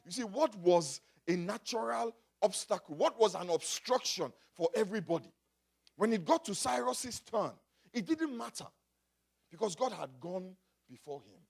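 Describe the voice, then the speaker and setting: A man from Africa preaching a sermon, moving from quiet talk to loud shouting and calling out to the congregation. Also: high voice, lively intonation, moderate pace, creaky. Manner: builds from quiet to shouting, call and response. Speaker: pastor.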